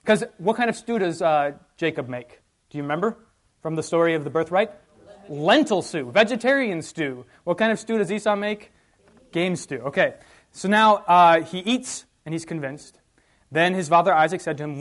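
Man leading a lively Bible class. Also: fairly high pitch, moderate pace. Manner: conversational, asks the class questions, reads passages aloud with emphasis. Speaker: Bible study teacher.

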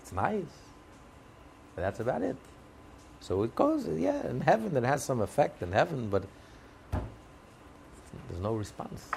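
Gravelly guy giving an animated torah class, keeps firing rhetorical questions, bit of hiss. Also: mid-range voice, a little slow, long pauses. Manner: emphatic, repeats phrases, rhetorical questions, chuckles. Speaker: rabbi teaching a class.

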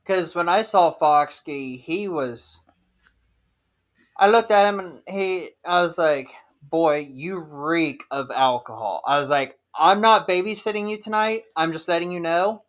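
A man with a high, slightly bright voice speaks at a measured pace. He co-hosts a podcast, telling stories in chatty conversation and swearing freely.

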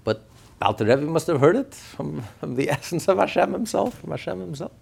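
Gravelly, animated man teaching Torah. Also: a little high, brisk. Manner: animated storytelling, acts out quotes, rhetorical questions. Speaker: rabbi teaching. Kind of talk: Torah class.

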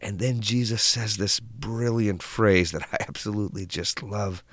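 A man telling parables in a calm, reflective way, with unhurried, drawn-out phrasing and soft endings. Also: on the low side, dry recording, clean studio sound. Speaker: storyteller.

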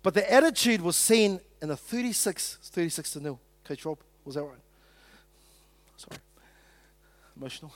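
A middle-aged man preaches to his congregation in a high, light voice. He talks like he is chatting, jokes and acts out little quotes. The sound is close and dry. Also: dry recording. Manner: conversational, joking with the congregation, acting out quotes. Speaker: pastor. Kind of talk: sermon.

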